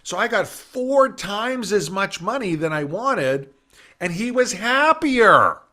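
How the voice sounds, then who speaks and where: A middle-aged businessman with a high-pitched voice takes his time telling a story in a summit talk. He's animated and mimics the voices he quotes, heard over a video call.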